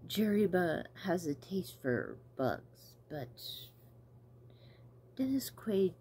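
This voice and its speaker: A woman hosting a casual talk about an old film, rambling and hesitant with many pauses. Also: on the low side, sing-song, warm tone, a little hiss or hum. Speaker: host reviewing an 80s film. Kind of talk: casual chat.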